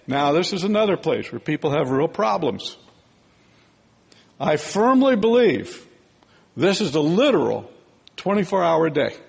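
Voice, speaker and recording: A man preaches in a loose, chatty teaching style, tossing in "right?" and "okay?" as he goes. His voice is gravelly and a little husky, sitting slightly high for a man. The sound rings with the long reverb of a large hall. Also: very animated, measured pace, long pauses. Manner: conversational, digressive Bible teaching with frequent "right?" and "okay?". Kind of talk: sermon.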